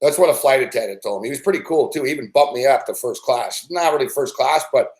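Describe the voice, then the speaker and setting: A man's voice: medium pitch, fast talker, darkish tone. A man hosting a sports betting show, rambling through a casual story full of swearing and fillers. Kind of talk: casual profane storytelling rant. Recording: roomy echo.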